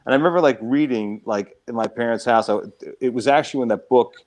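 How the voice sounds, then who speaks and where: A man, a comedy club owner, telling a lively story in casual chat and acting out the other voices. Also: mid-range voice, fast talker, rough recording. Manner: animated, acts out quoted voices.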